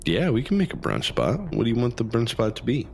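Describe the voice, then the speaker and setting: A man's voice: medium pitch, wildly swooping pitch, brisk, gravelly. A man acting as game master for a tabletop role-playing game, improvising in an easygoing, playful way.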